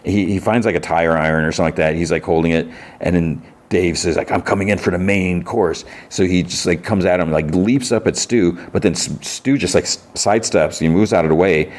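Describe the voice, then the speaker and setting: A man with a very low, deep voice runs through the plot of a TV episode in a loose, chatty way. He keeps starting over mid-sentence, quotes the characters with "he's like", and now and then laughs at the story. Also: brisk, hardly any pauses, a little mellow. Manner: rambling, with frequent restarts and "he's like" quotes; laughs while telling the story. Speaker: podcast host. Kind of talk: casual episode recap.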